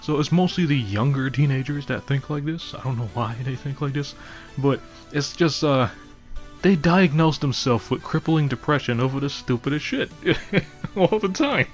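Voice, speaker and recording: A man's voice: medium pitch, expressive, moderate pace, faint music behind. A man ranting casually to his viewers, rambling, laughing often and swearing freely. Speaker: vlogger. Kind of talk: casual rant to camera.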